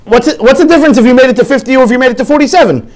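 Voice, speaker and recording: A man giving an animated sermon full of stories, often restarting his sentences and acting out quotes. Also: very high-pitched, racing. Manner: lively, frequent restarts, acts out quotes.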